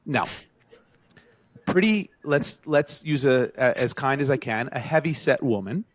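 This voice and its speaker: Lively man telling a story. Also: measured pace, dry recording. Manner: animated, acts out quotes with rising pitch. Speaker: podcast co-host. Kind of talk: casual storytelling among friends.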